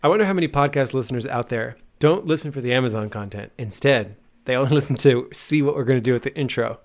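A man's voice: medium pitch, fast. A man co-hosting a business podcast in casual, joking banter. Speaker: podcast co-host.

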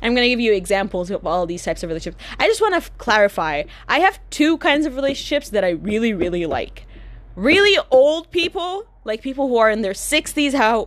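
A woman's voice: medium pitch, animated, brisk. A young woman vlogging in a casual monologue, sarcastic and profane, rambling with lots of fillers.

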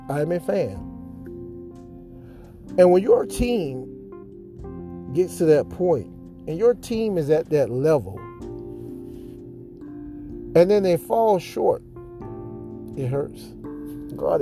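A man with a very dark, mellow tone that sits a little high in pitch. He tells his story earnestly and dramatically, repeating lines for effect. Soft guitar music plays faintly behind him. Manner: earnest, heartfelt. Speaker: podcast host. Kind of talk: emotional sports fan monologue.

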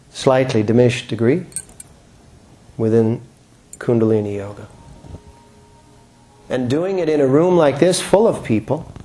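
A man giving a relaxed, joking talk to a room full of people at the start of a yoga class, often checking in with rhetorical questions. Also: medium pitch. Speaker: yoga teacher.

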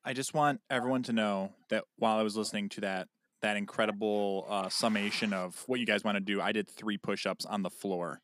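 A young man co-host with a bright, forward voice, making self-mocking jokes in loose podcast banter. The sound is close and dry. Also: on the low side, steady tone, brisk, few pauses, no room sound.

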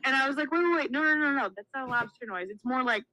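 A woman in her twenties, co-hosting a casual chat podcast and telling stories in an animated way, acting out the quotes. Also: high voice, fast talker, dry recording, poor audio. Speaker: podcast co-host.

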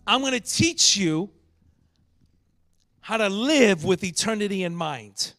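Animated high-voiced male preacher. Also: slow. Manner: animated preaching, acts out rebukes with rising shouts. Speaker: pastor. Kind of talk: sermon.

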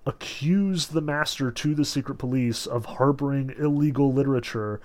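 A man reading aloud from a novel and explaining it, blunt and casual in his asides, raising his voice when he quotes the characters. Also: medium pitch. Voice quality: animated, swings into raised voices when quoting characters. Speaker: literature lecturer.

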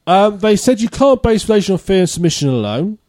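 Male podcast host, mellow fairly high voice, dry close sound, reads news with jokey asides. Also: sing-song, quick pace, dry recording. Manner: reads out odd news stories with laughing asides. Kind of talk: casual comedy podcast chat.

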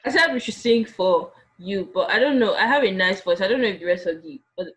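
A woman's voice: medium pitch, expressive, brisk, a bit bright, low-quality recording. A woman with a Nigerian accent chatting casually on a podcast, teasing and talkative. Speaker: podcast co-host. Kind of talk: casual group chat.

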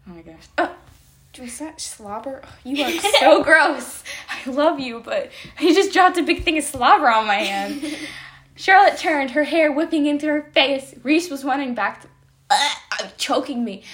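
A hoarse woman hosting a podcast, reading her old stories aloud with giggly, self-mocking asides. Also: high-pitched, a bit bright. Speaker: podcast host.

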